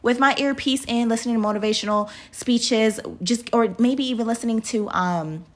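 A woman in her thirties with a slightly high voice hosts a podcast and gives a casual, motivational talk. She is chatty, laughs often and speaks straight to her listeners as y'all. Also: moderate pace. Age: 30s. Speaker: podcast host.

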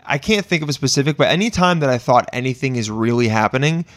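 A man's voice: mid-range voice, expressive, fast, a bit bright. A man hosting a podcast, chatting casually with his guest, laughing along and swearing now and then. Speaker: podcast host. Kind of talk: casual interview chat.

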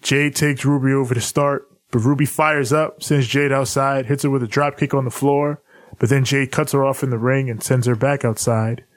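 A man co-hosting a casual podcast, giving a relaxed play-by-play wrestling recap with laughs. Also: mid-range voice, normal speed, no echo. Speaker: podcast co-host.

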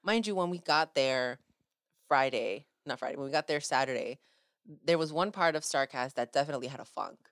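Low-voiced woman gushing about a fan meetup. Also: fairly quick, no room sound, studio quality. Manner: gushing, animated storytelling with acted-out quotes. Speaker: podcast host. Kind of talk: casual chat.

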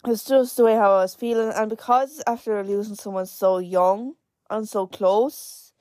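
A woman's voice: medium pitch, steady tone, normal speed, a little mellow, no room sound. A young Irish woman in her late teens hosting her own podcast, talking in a hesitant, reflective way with many fillers and restarts. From Ireland. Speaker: podcast host. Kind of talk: personal podcast monologue.

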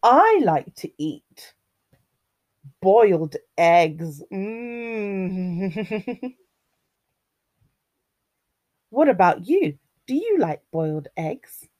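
A woman reading a fairy tale aloud to children, expressive and sing-song, talking to her young listeners. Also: lowish voice, extremely slow, pauses often, husky. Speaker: children's storyteller.

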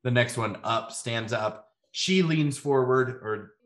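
Man, game master narrating, average pitch, calm storyteller, echoey room. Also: slow. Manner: calm storyteller, frequent ums.

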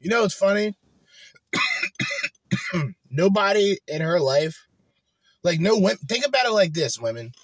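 A man's voice: sits high, huge pitch swings, slow pace, long pauses, fairly bright tone, no echo. A man giving heated commentary in a blunt, profane way. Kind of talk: ranting commentary.

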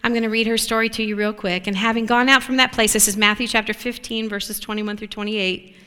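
Bright-voiced woman preaching in a reverberant hall. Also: on the high side, fairly quick, clean tone. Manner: animated, affirming, asks the listeners for agreement. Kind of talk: sermon.

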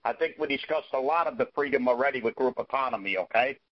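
A man sharing in a group discussion, halting, with many fillers and frequent "okay?" check-ins. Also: mid-range voice. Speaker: recovery meeting participant. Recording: dull lo-fi audio.

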